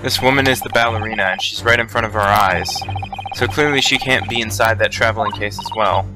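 A man's voice: fairly low pitch, brisk, music in the background, close to an everyday voice, rough recording. A man voicing an earnest young male defense lawyer, reading game dialogue emphatically. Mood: confident.

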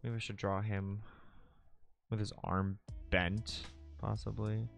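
A young man hosting a late-night livestream, chatting casually and breaking into excited high squeals. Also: slow, gravelly, faint music behind. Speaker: livestream host.

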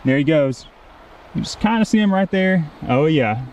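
Outdoorsy male vlogger, slightly high voice, chatty fishing commentary by a creek. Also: moderate pace, a little hiss or hum. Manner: excitable, explains spots while wading.

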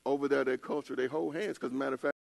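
A man's voice: medium pitch, steady tone, fast talker, gravelly. An older man preaching a casual sermon, telling stories in a loose colloquial way with laughing asides. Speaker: pastor. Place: church.

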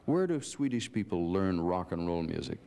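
Male TV host, slightly low voice, joking interview patter, 1970s broadcast. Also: big pitch swings, moderate pace, creaky, mellow, slight background noise. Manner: joking, chatty. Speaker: TV show host. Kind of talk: televised interview.

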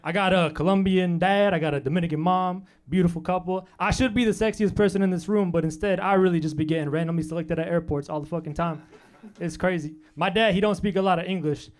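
A young man from New Hampshire doing a quick, deadpan stand-up set in a comedy club. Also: sits high. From Manchester, New Hampshire, US. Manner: quick deadpan punchlines, voices his family in quotes. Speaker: stand-up comic.

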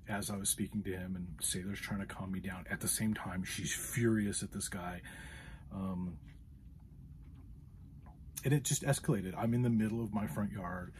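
A man's voice: fairly low pitch, fairly even intonation, normal speed, darkish tone, slightly rough. A man hosting a podcast, telling a frustrated story in a casual monologue with many fillers. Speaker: podcast host.

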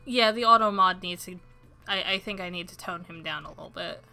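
Bright-voiced woman streamer. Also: lowish voice, a little fast, vocal fry, faint music behind. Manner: chatty and self-deprecating. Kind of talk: casual livestream chat.

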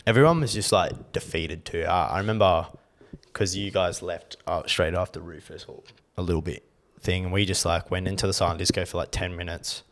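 Young male co-host, slightly low voice, loud and blunt, heavy swearing, casual banter. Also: fairly quick, creaky. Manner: brash, swearing, ranting. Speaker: podcast co-host. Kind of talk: casual chat.

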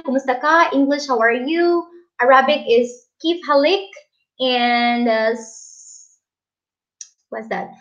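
A woman's voice: high-pitched, sharp tone. A woman hosting a casual livestream, chatting, laughing and reading viewer comments aloud. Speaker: livestream host. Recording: dull lo-fi stream audio.

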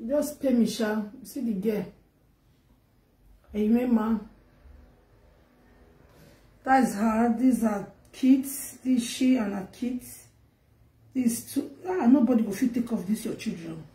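A woman speaking Nigerian Pidgin English tells an emotional gossip story as a vlogger, her voice rising and growing loud when she gets upset. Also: fairly high pitch, takes it slowly, pauses often, reverberant. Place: home in Germany.

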